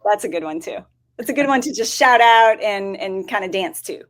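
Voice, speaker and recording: A woman talks casually as a guest on a show, chatty and relaxed, full of ums and you-knows. Her voice sits at an ordinary middle pitch. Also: moderate pace. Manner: chatty, with frequent fillers and laughs. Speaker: dietitian guest. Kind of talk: casual chat.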